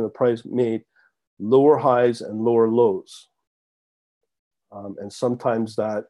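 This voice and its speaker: A man hosting a live trading webinar, explaining chart patterns in a halting way with many fillers and stumbled words. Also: medium pitch, warm tone. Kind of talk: live-stream screen-share lesson.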